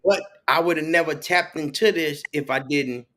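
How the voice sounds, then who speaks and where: Man guest, relaxed slangy storyteller with a slightly raised voice, does the quoted voices himself. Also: on the high side, moderate pace, slight background noise. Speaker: podcast guest, author. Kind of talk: casual conversation.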